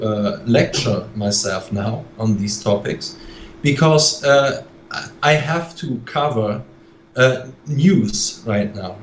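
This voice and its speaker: Casting: man, mid pitch, halting with fillers, roomy echo and faint noise. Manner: halting, many filler pauses. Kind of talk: casual live stream chat.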